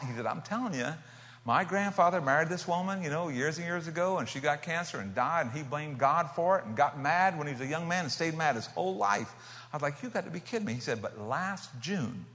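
Man, pastor preaching, bright tense voice, long hall reverb. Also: medium pitch. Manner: storytelling, animated, swings from loud to hushed. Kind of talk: sermon.

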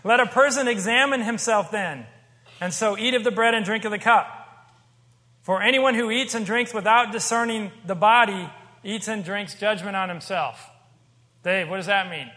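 A man's voice: sits high, moderate pace, sharp tone. A man preaching a sermon as pastor, conversational and emphatic, with joking asides. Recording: long hall reverb.

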